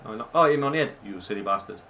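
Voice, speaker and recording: A young man swearing, laughing and yelling through his own gameplay commentary. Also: lowish voice, animated, very fast, a little hiss or hum. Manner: sweary, yells and laughs at the match. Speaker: gaming video creator.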